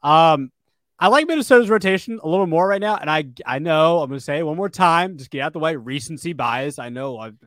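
A man's voice: fairly high pitch, lively intonation, a little fast, a bit bright, no echo, studio quality. A man co-hosting a casual sports podcast, rambling with fillers and restarts. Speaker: podcast co-host.

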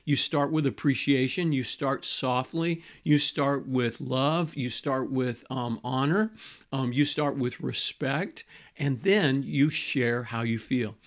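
A middle-aged male pastor giving a conversational teaching on marriage, repeating key phrases and slowing down to stress a point. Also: mid-range voice.

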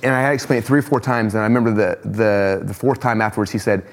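A man telling a quick, excited story as a podcast guest, laughing often. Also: on the low side, big-room sound. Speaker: podcast guest, company founder. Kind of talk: casual storytelling in a podcast chat.

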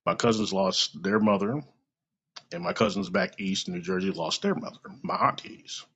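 A man's voice: fairly low pitch, big pitch swings, normal speed, gravelly, fairly bright tone, husky. A middle-aged man hosting a podcast, talking casually in a blunt, profane storytelling way. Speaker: podcast host. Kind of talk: casual monologue. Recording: dull lo-fi recording.

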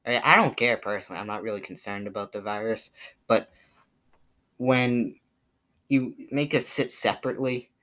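A man's voice: medium pitch, moderate pace, long pauses, sharp tone. A teenage boy with a Boston accent, rambling through his pet peeves in a casual, filler-heavy monologue, mildly exasperated. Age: teens. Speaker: vlogger.

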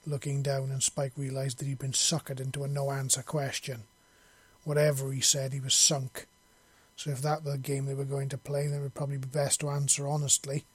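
A man narrating a story in a steady, measured audiobook reading. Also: medium pitch, slightly rough, dry recording.

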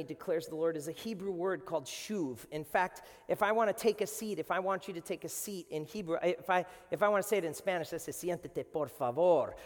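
Guy preaching, pretty high voice, gets loud then quiet, big echoey church hall. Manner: animated, swings from quiet to loud. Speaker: pastor. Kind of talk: sermon. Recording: long hall reverb.

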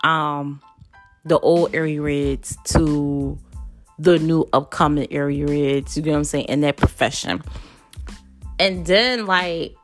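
A woman's voice: sits low, steady tone, takes it slowly, soft background music. Young woman, podcast host, casual monologue, outspoken, swears freely, rambling. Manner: blunt, profane, outspoken; loose and rambling, lots of fillers.

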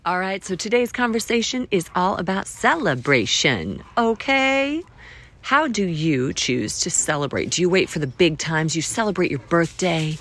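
A woman hosting a solo podcast in a playful, quirky way, swinging from loud cheer to a near-whisper. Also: fairly low pitch, sing-song, normal speed. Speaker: podcast host. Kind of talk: upbeat solo podcast talk.

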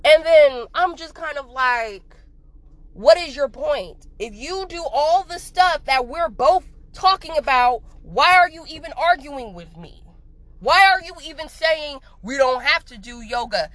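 Heated, high-voiced young woman ranting. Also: animated, a little slow, a bit bright, poor audio. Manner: profane, blunt, heated, lots of "like" fillers. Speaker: vlogger. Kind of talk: casual ranting monologue.

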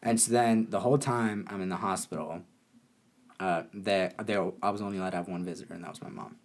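A young man casually telling a story, animated and often laughing. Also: low voice, fast.

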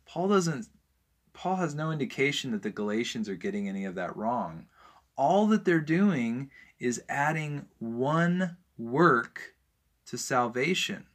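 A man's voice: medium pitch, fairly bright tone. A man preaching with growing fervor, firing off rhetorical questions and hammering each point. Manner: rising to fervent emphasis, rhetorical questions. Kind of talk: impassioned preaching.

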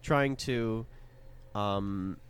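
A man's voice: lowish voice, drawn-out words, smooth. A young man co-hosting a podcast in casual chat, talking hesitantly with many fillers and restarts. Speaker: podcast co-host.

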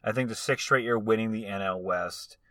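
A man in his thirties hosting a casual sports podcast, relaxed, steering the segments and laughing easily. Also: fairly low pitch, fairly quick, dry recording, studio quality. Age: 30s. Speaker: podcast host.

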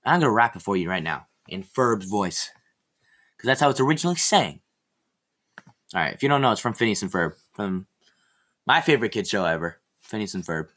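A man's voice: lowish voice, big pitch swings, fairly quick, long pauses, fairly bright tone. A teenage boy hosting a casual solo podcast, ranting in a rambling, sarcastic, easily exasperated way. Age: teen. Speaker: podcast host.

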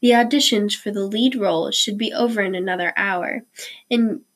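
A woman reading the part of a tired, patient male theater director who speaks wearily and gently. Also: mid-range voice, moderate pace, natural voice. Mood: weary. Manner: weary, gentle.

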